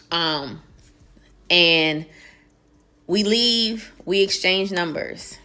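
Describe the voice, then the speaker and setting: A woman tells a story to camera with an animated, emphatic delivery, leaning hard on key words. Her pitch sits in the middle range for a woman. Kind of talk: storytime video.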